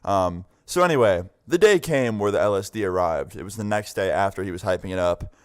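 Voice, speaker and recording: A man's voice: fairly low pitch, expressive, brisk. A young man casually telling a story to his viewers, rambling with many fillers and acting out the people in it. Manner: rambling, many "like" fillers, acts out quoted voices. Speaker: vlogger telling a story time.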